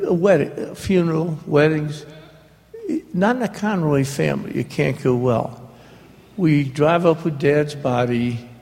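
A man's voice: fairly high pitch, vocal fry, darkish tone. A man telling funny stories as an author before a live audience, recorded in a hall. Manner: humorous anecdotal storyteller. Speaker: author speaking on a book tour. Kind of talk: live storytelling talk. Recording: long hall reverb.

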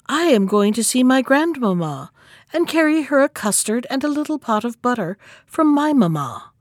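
Lady doing a sweet little storybook girl, high voice, wide-eyed drawn-out questions. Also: sing-song, dry recording, clean studio sound. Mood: eager. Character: little girl, innocent and trusting.

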